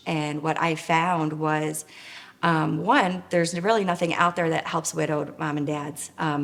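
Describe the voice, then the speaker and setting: A middle-aged woman tells her personal story in an earnest, emotional way, stopping often on fillers. Her voice sits very low and has a gravelly fry. She speaks as one of a nonprofit's founders.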